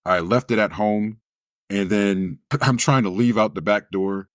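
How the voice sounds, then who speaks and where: His voice sits on the low side and he speaks at a measured pace, captured in studio quality with no room sound. The man, a spoken word poet, recounts a personal story during an interview, bringing each quoted person to life in a different voice.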